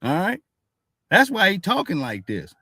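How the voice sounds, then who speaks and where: A man's voice: sits high, huge pitch swings, normal speed, bright, forceful tone, slightly rough, no room sound, studio quality. Blunt, profane male reaction streamer. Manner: blunt, profane, keeps saying "all right". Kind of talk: casual reaction commentary.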